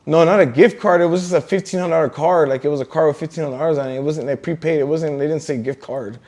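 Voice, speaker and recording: A man, his voice pitched a little high, tells a story in a loose, rambling way. Curse words and fillers pile up as he goes, in casual interview talk. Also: fast, a little mellow. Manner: profane, rambling with many fillers. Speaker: interview guest.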